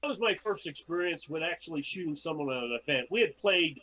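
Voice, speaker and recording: High-voiced man telling stories. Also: fast, low-quality recording. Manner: animated, acts out his own past lines. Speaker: podcast guest. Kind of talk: casual storytelling.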